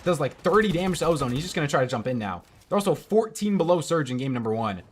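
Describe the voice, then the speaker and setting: A man's voice: fairly high pitch, lively intonation, fast, husky. A young man streaming from home into a headset mic, casually commenting on a match and answering chat. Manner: chatty, reads out and answers chat.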